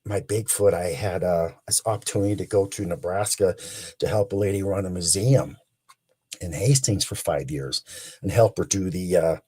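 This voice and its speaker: A man in his sixties, a guest animatedly telling a long story, excited and rambling with restarts. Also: low-pitched, moderate pace, slightly rough. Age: 60s.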